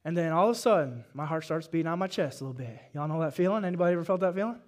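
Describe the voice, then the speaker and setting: High-voiced Southern preacher. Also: male voice, lively intonation, very fast. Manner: folksy storytelling that builds to shouted exhortation. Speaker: pastor. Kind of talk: sermon. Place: church service.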